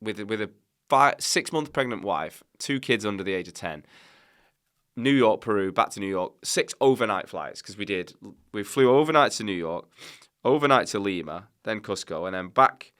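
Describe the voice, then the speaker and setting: A man in his thirties talks as a podcast guest, sharing personal stories with real animation and plenty of casual swearing. His voice sits slightly low and has a bright, forceful edge that keeps it punchy. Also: moderate pace, clean tone. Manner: animated, candid, swears freely. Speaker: podcast guest, company founder. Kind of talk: casual conversational storytelling.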